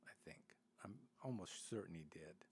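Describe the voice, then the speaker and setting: A man's voice: low voice, moderate pace, creaky, darkish tone, a little hiss or hum. An older man telling rambling stories as a podcast guest, full of restarts and asides. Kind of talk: casual storytelling.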